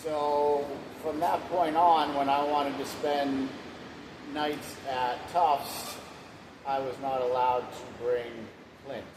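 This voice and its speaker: A man's voice: medium pitch, flat delivery, takes it slowly. A man in his thirties, casually telling his life story in a rambling, plainspoken way, now and then swearing. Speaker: husband sharing his testimony. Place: room at home. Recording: echoey room with background hiss.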